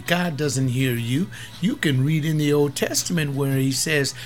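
A man's voice: mid-range voice, animated, a little slow, few pauses, soft background music. A man preaching a fiery sermon on a webcast, scolding and confrontational as he reads and explains verses.

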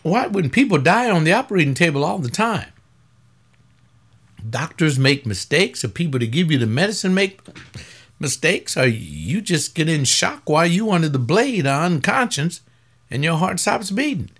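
A man who is a pastor giving webcast commentary, rambling and conversational with blunt rhetorical questions, tired and aching, sometimes dropping low and quiet and then rising sharply when he argues. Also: very animated, moderate pace, breathy edge. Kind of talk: webcast commentary reading and answering a paper.

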